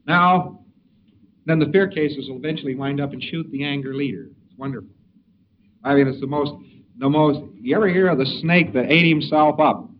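A man giving an informal lecture in a wry, digressive way, acting out the quotes he gives. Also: mid-range voice. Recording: dull distant recording with faint hiss.

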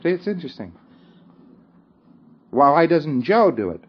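A man's voice: fairly high pitch, very animated, normal speed, pauses often, lo-fi sound. A man giving an informal lecture, often chuckling and checking that his listeners follow him. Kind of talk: conversational lecture.

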